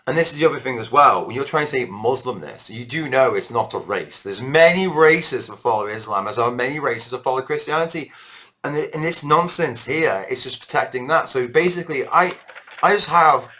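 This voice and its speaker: A man's voice: medium pitch, animated, a little fast, sharp tone. A British man delivering a rambling, impassioned monologue to camera as a political vlogger. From Britain.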